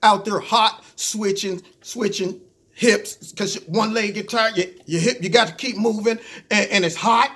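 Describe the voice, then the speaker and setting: A man hosting his own show, giving ranting political commentary in an animated, mocking way and talking to listeners as "y'all". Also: high-pitched, unhurried. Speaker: show host.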